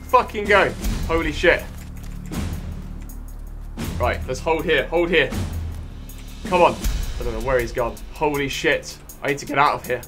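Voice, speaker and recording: A young British man giving sweary, jumpy commentary over his own gameplay, hushed one moment and yelling the next. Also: medium pitch, moderate pace, soft background music. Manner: jumpy, swears a lot, shifts from hushed to shouting. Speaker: gaming YouTuber.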